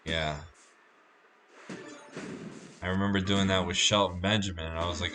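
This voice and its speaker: A man's voice: low-pitched, flat delivery, moderate pace, noisy background. A man hosting a live game stream, chatting casually and greeting viewers by name. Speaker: livestream host. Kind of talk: casual chat while gaming.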